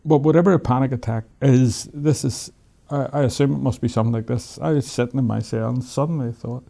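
A man's voice: mid-range voice, steady tone, brisk, gravelly, hardly any pauses, dark tone. An Irish man, a guest in an interview, tells his story in a reflective, wry way and often laughs while he talks. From Ireland.

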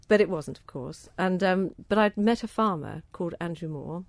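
Chatty southern English woman, low voice. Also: normal speed, few pauses, no room sound. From southern England. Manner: chatty, enthusiastic, self-deprecating, repeats words when starting. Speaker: interviewee, organic food campaigner. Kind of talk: casual interview answers.

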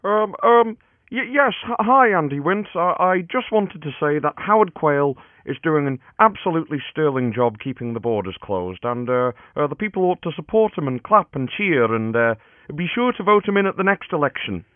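A man's voice: on the high side, lively intonation, moderate pace, dry recording, natural voice. A man voicing a nervous, stammering male caller who hesitates on a phone line.

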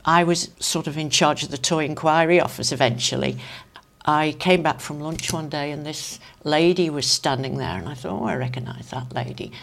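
Older manx lady reminiscing, low voice, chatty storyteller, rambling asides. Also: normal speed. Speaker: interview guest. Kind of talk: casual reminiscing anecdotes.

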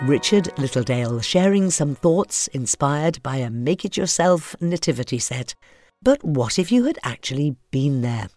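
A man narrating a scripted introduction in a calm, measured way. His voice sits a little high for a man and sounds close and dry, with no room around it. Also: no echo, soft background music. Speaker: presenter.

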